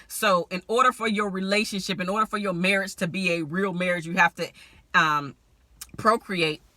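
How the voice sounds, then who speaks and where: A woman relationship strategist talking to camera in a vlog, candid and animated, laughing often as she gives marriage advice. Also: lowish voice, moderate pace, no echo.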